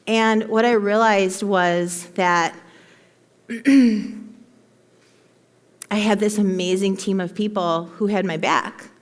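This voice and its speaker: A woman telling a heartfelt personal story to her team in an emphatic, animated way, in front of a live audience. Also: mid-range voice. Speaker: motivational speaker to her team. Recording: long hall reverb.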